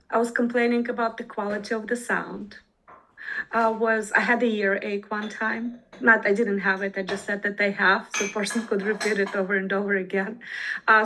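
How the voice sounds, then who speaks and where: A woman teaching an online conversation class, talking in an animated and emphatic way and often restarting words mid-phrase. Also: mid-range voice, a little hiss or hum, poor audio. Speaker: English conversation club teacher. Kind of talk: online group class on a video call.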